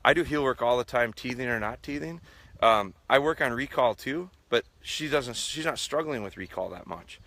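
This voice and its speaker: A man's voice: mid-range voice, animated, moderate pace, bright, forceful tone. A middle-aged man, a dog trainer, talking casually outdoors while live-streaming and answering viewers' questions. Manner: casual, repeats himself, imitates whistle blasts. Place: outdoors with his dogs.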